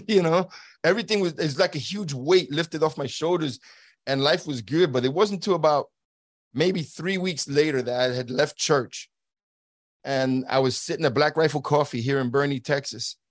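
A man's voice: a little high, moderate pace, no echo, clean studio sound. A middle-aged man, a guest, telling a personal story earnestly, acting out the lines of the people he quotes and often restarting his words. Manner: earnest, acts out quoted dialogue. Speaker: guest, former border agent. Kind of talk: conversational storytelling.

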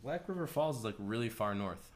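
A man co-hosting a podcast, telling a long story in a rambling, casual way, full of "like" and quick laughs. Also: medium pitch, animated, slight background noise. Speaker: podcast co-host.

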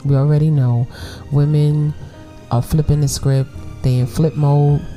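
A woman's voice: low voice, flat delivery, measured pace, warm tone, soft background music. A woman in her forties with a Brooklyn accent, hosting a podcast and chatting casually to women listeners, often laughing and checking in with "right?". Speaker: podcast host.

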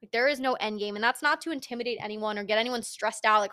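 A woman's voice: fairly high pitch, fast talker, hardly any pauses, pushed and bright. A young woman hosting a fitness podcast, speaking straight to the listener in a casual, emphatic, motivational monologue and swearing freely.

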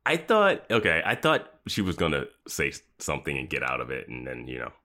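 A man co-hosting a podcast, chiming in with quick jokes and frequent laughter. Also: extremely low pitch, huge pitch swings, bright, forceful tone. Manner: laughs often, chimes in with quips. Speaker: podcast co-host. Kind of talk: casual chat.

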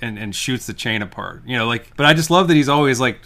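A man co-hosting a movie podcast, chatting casually and retelling scenes with laughs and quick restarts. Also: mid-range voice, animated, creaky, sharp tone. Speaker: podcast co-host. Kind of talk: casual movie review chat.

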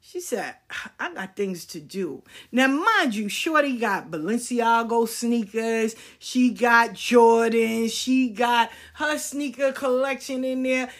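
A woman in her fifties telling stories in a casual, blunt, profane way, acting out the people she quotes. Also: fairly high pitch. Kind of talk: casual storytelling rant.

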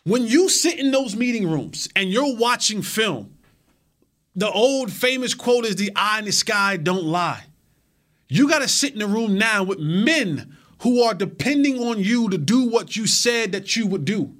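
A man's voice: high-pitched, expressive, measured pace, fairly bright tone. A man hosting a sports talk show, speaking casually and animatedly, often repeating words as he builds his point.

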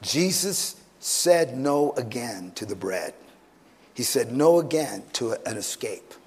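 A man preaching a sermon at a conference, animated, swinging from loud bursts to hushed tones. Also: medium pitch, takes it slowly, husky. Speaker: pastor. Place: conference hall, live audience.

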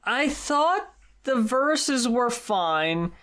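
A podcast co-host with a mid-pitched voice, telling stories in casual chat. The delivery is animated and profane, with quotes acted out along the way. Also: very slow.

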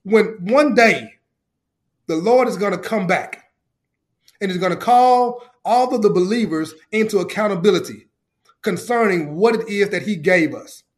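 A man and youth coach, a podcast guest, telling a faith story with excited, emotional, preacher-like repetition. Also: sits high, normal speed. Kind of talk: testimony-style storytelling.

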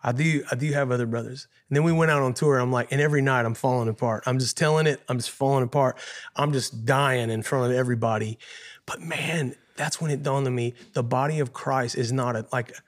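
A man's voice: mid-range voice, fairly even intonation, a little fast. A man, a guest musician, telling a painful personal story in an earnest, emotional way, often repeating himself and saying "man.".

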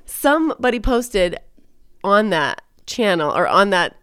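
Chatty woman with a smooth, dry voice. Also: medium pitch, very animated, takes it slowly, a bit bright, dry recording. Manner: chatty, laughing, swearing storyteller. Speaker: podcast co-host. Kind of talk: casual chat.

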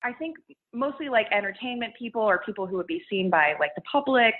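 A woman's voice: on the high side, expressive, quick pace. A young woman chatting in an interview about making videos, laughing often and restarting her thoughts. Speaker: guest, content creator. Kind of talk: casual interview chat. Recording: phone-like narrow sound.

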